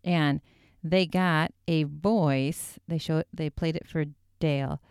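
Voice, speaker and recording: A woman with a low, smooth voice chats through a ghost-hunting story, peppering it with "like" and acting out the lines. The sound is dry and close, with no room around it. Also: fairly even intonation, slow pace, darkish tone, no room sound. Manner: chatty, many "like" fillers, acts out quotes. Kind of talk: casual retelling of a ghost-hunting episode.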